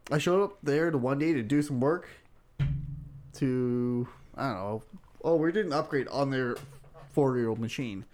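A man's voice: medium pitch, normal speed, darkish tone. A man co-hosting a casual podcast, telling a rambling story about a work dispute. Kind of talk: casual banter.

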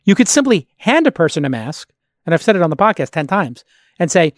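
A man's voice: a little high, sing-song, brisk, no echo, studio quality. A man hosting a podcast, talking in a casual, chatty way and thinking aloud as he goes. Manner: talkative, thinks aloud, restarts sentences. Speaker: podcast host. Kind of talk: casual conversational discussion.

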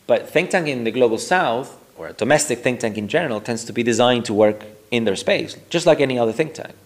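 Man guest on a podcast, mid pitch, talks it through carefully, lots of "right?". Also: expressive, fairly quick. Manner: thoughtful, often tags statements with "right?". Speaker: guest expert. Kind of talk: podcast conversation.

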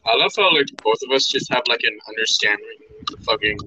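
A young man chatting loosely on a podcast, his pitch leaping around as he jokes. His tone is bright and forceful, and he peppers his talk with swearing and filler words. He rambles with an easy, joking looseness. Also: lively intonation, a little fast, poor audio. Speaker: podcast co-host. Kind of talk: casual chat.

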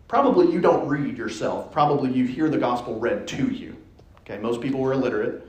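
A man preaching a sermon in a church, playful and animated, dropping suddenly to a hush. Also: on the high side. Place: church sanctuary. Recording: echoey church hall.

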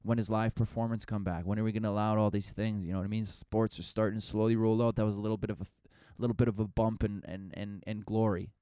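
A man's voice: on the low side, level tone, quick pace, few pauses, warm tone, clear, resonant tone, dry recording, clean studio sound. A young man, a comedian, rambling through a profane, casual podcast monologue full of fillers.

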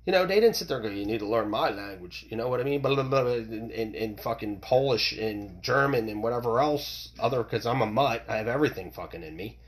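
A middle-aged man from the United States rants on his own podcast. His pitch swings widely as he talks. He is heated and profane, and he keeps restarting his sentences. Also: animated, fairly quick, hardly any pauses. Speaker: podcast host. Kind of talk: opinionated solo podcast rant.

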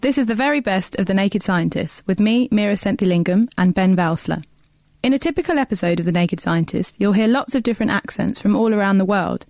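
A woman presenter reads scripted links for a radio science show in a smooth, even way. Her voice has a gravelly edge and sounds dry and close. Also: mid-range voice, brisk, no echo.

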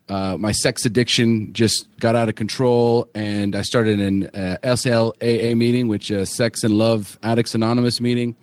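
Joking, blunt podcast host, dry sound. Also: male voice, fairly low pitch, darkish tone, dry recording. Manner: joking, blunt, swears freely. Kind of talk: casual panel discussion.

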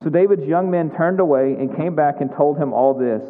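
A man's voice: a little high, normal speed. Man preaching over tinny hall sound. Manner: conversational preaching, frequent "right?" asides. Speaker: pastor. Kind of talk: sermon. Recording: tinny phone-like sound with long hall reverb.

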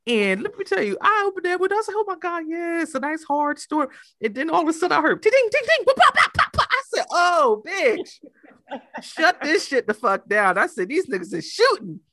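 Cohost lady telling stories loud and swearing, kinda high voice, dry mic. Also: moderate pace, no room sound. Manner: animated storyteller, profane, acts out quotes. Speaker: podcast co-host. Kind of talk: casual chat.

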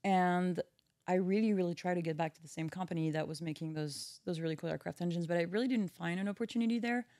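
A woman's voice: on the low side, fast talker, warm tone, dry recording, studio quality. Chatty French-accented woman guest. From France. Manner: chatty, filler-heavy with many "like"s. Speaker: podcast guest. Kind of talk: casual chat.

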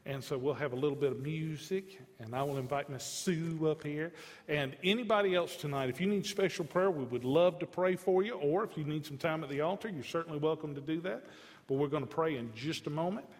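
A man preaching a sermon as pastor, earnest and animated, acting out the scripture quotes as he goes. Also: fairly high pitch, a little fast, in a large hall. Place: church sanctuary.

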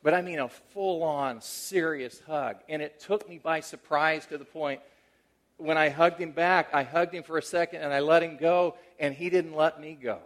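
A middle-aged man preaching as a pastor, with a somewhat higher voice than most men. He tells his story conversationally, pressing some points with energy and dropping others to a soft, tender hush. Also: normal speed. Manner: conversational, moving between animated emphasis and hushed, tender delivery. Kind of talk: sermon with personal storytelling.

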